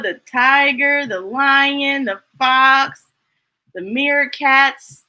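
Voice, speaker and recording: Storytime reader, woman, high voice with big swoops, unhurried pacing. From United States. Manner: animated, laughing often, chatty asides to young listeners. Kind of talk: reading picture books aloud to children.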